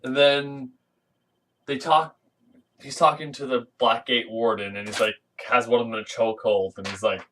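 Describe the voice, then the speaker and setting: A man's voice: mid-range voice, fairly even intonation, moderate pace, a bit bright, distant mic, rough recording. A man casually recapping a comic book issue, rambling with lots of fillers and restarts and acting out the characters' lines in silly voices. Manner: rambling, filler-heavy, acts out quotes in funny voices.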